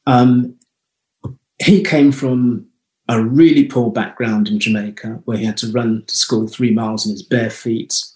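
A man speaks as an interview guest, unfolding personal anecdotes in a reflective, unhurried way. His voice sits at an ordinary middle pitch. The recording carries a roomy echo around him. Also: fairly even intonation, darkish tone. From United Kingdom. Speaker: guest, holistic health clinic founder. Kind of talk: conversational interview storytelling.

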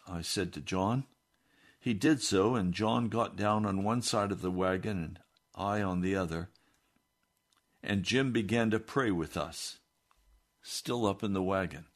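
A man's voice: on the low side, animated, measured pace. A man reading a first-person story aloud in a plain, earnest way. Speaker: narrator.

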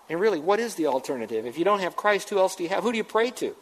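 A man's voice: sits high, sing-song, very fast, slight background noise, rough recording. A man preaching a sermon to his congregation as pastor, emphatic and rising to urgent questions.

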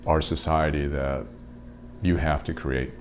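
Male interviewer, very deep voice, slow careful questions. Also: flat delivery, slight background noise. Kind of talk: news interview.

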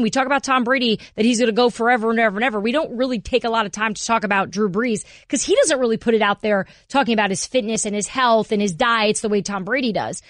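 A woman's voice: fairly high pitch, no room sound, studio quality. Confident woman sports reporter. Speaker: NFL reporter and guest. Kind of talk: sports radio talk.

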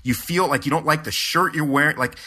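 This pastor and podcast co-host talks fairly quickly in a sharp, slightly high voice. Chatting casually, he rambles through a story, filling it with fillers and restarts.

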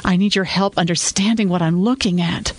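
A man voicing a woman attorney who speaks softly and apologetically in an audio story. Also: high voice, fairly even intonation, a little fast. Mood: distressed. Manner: soft, apologetic. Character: woman attorney, earnest and overwhelmed.

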